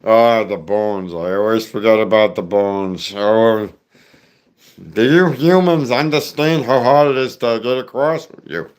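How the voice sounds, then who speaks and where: A man voicing a male alien lobster doctor from a cartoon, speaking slowly in a gargling voice pushed to the back of the throat. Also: lowish voice, darkish tone, smooth, lightly acted. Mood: whiny.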